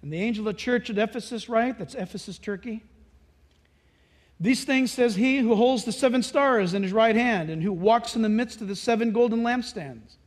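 A man preaching a sermon, telling animated stories and acting out the voices of the people in them. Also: extremely high pitch, moderate pace. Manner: animated storytelling, acts out voices and laughs. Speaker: pastor.

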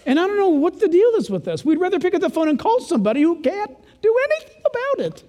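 An older man preaching a sermon as pastor, animated and playing out the voices of his listeners. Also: very high-pitched, quick pace. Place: church. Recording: long reverb of a church hall.

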